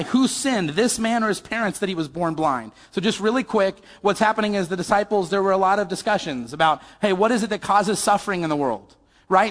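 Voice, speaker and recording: A pastor with a high-pitched, fairly bright voice preaches conversationally, repeatedly posing questions to his listeners. His voice rings through a large hall with a long reverb tail.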